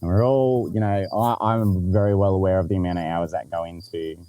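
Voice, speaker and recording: A young Australian man hosting a podcast, telling a story in a lively, sweary, laughing way. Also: deep voice, a little fast, low-quality recording. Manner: animated, swears freely, laughs often. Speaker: podcast host. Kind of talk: casual storytelling chat.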